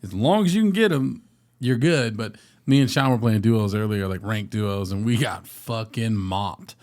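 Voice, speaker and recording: A man's voice: fairly low pitch, normal speed. A man in his thirties co-hosting a podcast, telling stories in casual chat and laughing often. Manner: animated storyteller, laughs a lot. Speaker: podcast co-host.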